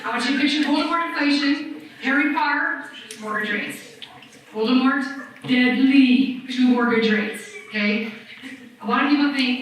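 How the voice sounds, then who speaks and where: A woman's voice: high voice, moderate pace, a little hiss or hum. A woman presenting at a live seminar, joking and quizzing the audience. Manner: lively, joking, asks the audience questions. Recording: echoey hall from far off.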